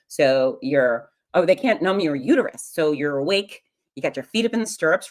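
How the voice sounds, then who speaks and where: A middle-aged woman with a notably low-pitched voice tells a personal story. She speaks frankly and with humor, confiding in the listener like a close friend. Her delivery is animated, with sudden leaps for emphasis. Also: a little fast. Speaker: podcast host.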